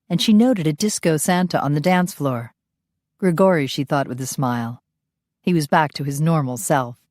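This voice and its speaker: Woman, audiobook narrator, low voice, dry close read, steady, measured. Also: no echo.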